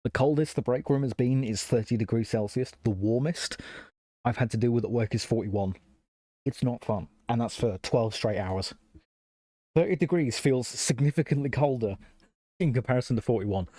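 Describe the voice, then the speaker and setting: A man's voice: mid-range voice, normal speed, dark tone, no echo. A man streaming live while he works on a computer build, thinking aloud, answering chat and often apologizing. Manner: apologetic, self-conscious.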